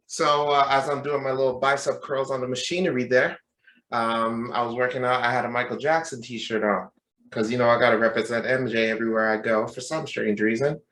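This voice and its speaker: A man's voice: medium pitch, fairly even intonation, a little fast, a bit bright. A man co-hosting a casual podcast, telling stories animatedly and swearing freely. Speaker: podcast co-host. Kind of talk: casual chat, storytelling. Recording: echoey room.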